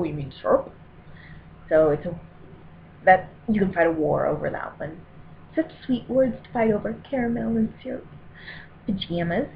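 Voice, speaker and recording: A woman's voice: fairly low pitch, creaky. Chatty woman with a Denver accent, tinny recording. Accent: Denver, Colorado. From Colorado, USA. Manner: chatty, self-deprecating, rambling asides. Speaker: vlogger doing an accent tag. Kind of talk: casual reading and chat to camera. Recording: very tinny, lo-fi with faint hiss.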